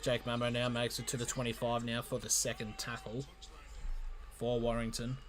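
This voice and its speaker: A man with a mid-range voice calls a rugby league match live for his stream at a normal speed. His amateur play-by-play is excitable, jumping in energy, with frequent restarts as he stumbles and corrects himself.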